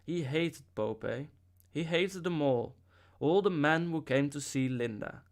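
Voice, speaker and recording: A man narrating a novel as an audiobook reader, with a steady storytelling delivery and occasional slips. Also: fairly high pitch, unhurried.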